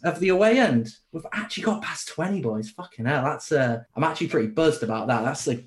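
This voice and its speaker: A man's voice: mid-range voice, lively intonation, fast talker, reverberant. A man hosting a casual football podcast from home, rambling and swearing through laughing banter. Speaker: podcast host. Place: home during lockdown.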